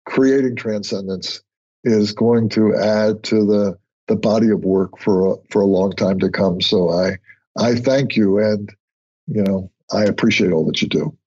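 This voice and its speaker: A man appears as a guest on an interview podcast, telling stories conversationally and growing animated whenever he acts out other people. His voice is lowish, husky and unhurried, and the lo-fi audio sounds dull.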